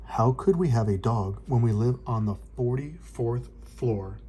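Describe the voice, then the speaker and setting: Guy reading as a gentle storybook mom, calm and reasonable, slow and kinda dark-toned. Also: medium pitch, a little hiss or hum, lightly acted. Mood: soothing. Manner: soothing, reasonable. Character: kind patient mother, gently refusing.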